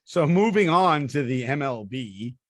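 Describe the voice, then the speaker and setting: A man co-hosting a casual sports podcast, blunt and opinionated, quick to argue and to dismiss other people's picks. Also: medium pitch, animated, no room sound, clean studio sound. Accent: New Jersey. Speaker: podcast co-host.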